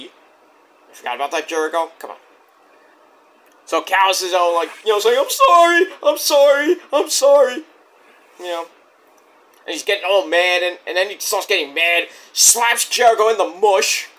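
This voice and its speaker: A man's voice: high voice, sharp tone. A man casually recapping a wrestling show, rambling and swearing as he retells each segment. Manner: loose, profane play-by-play retelling; rambling with frequent restarts.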